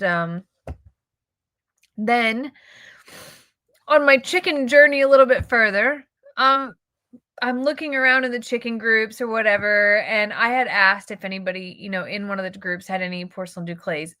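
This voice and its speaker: Chatty bright-voiced woman. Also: mid-range voice, no room sound. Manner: chatty, emotional, quotes people in her stories. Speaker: YouTuber. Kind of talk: casual storytelling vlog.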